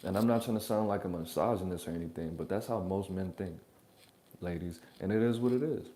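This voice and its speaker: A man's voice: deep voice, brisk, mellow. A man hosting a reaction channel, rambling through blunt, profane, joking advice in a casual monologue from his apartment.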